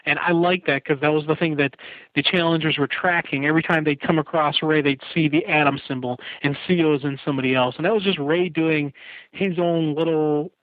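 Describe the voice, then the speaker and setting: A man's voice: fairly high pitch, fairly even intonation, a little fast, no echo. A man co-hosting a casual podcast, recapping at length with light laughs. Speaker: podcast co-host. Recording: tinny phone-line sound.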